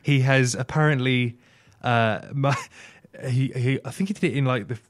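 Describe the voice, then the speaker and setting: A man's voice: medium pitch, moderate pace, no room sound. A man co-hosting a radio comedy chat show, telling stories in a wry, chuckling way. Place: radio studio.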